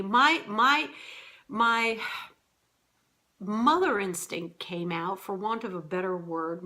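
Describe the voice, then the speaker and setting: A woman vlogger telling a story to camera in a casual, animated, exasperated way. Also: medium pitch.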